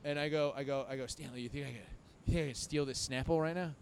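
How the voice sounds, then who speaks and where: A man's voice: medium pitch, quick pace, a little hiss or hum. A man in his thirties telling a drunken story in casual chat, swearing freely and acting out both sides of the talk. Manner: profane, animated storyteller acting out his own quotes.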